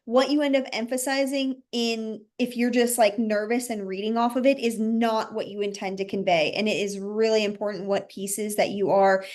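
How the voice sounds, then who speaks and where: A woman's voice: medium pitch, steady tone, normal speed, hardly any pauses, darkish tone. A woman hosting a podcast, chatting with fillers like "like" and "you know". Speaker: podcast host. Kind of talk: conversational podcast talk.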